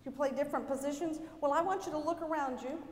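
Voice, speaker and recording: Upbeat woman with a high voice running a church children's moment, echoey sanctuary with long reverb. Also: fast talker. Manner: upbeat, leads children in call-and-response cheers. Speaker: children's message leader. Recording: echoey church hall, faint crowd and noise.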